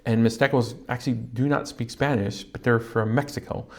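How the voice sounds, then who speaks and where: A man who pastors a Spanish-speaking church, talking casually on a podcast with frequent pauses and fillers. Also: medium pitch, fairly even intonation. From California, USA. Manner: halting, with many fillers and restarts.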